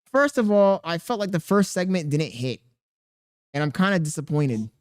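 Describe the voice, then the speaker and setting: A man's voice: a little high, lively intonation, normal speed, clean tone. A man streaming live, reading chat comments aloud and cooing at a baby in a playful, mock self-pitying way. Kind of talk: casual livestream chat.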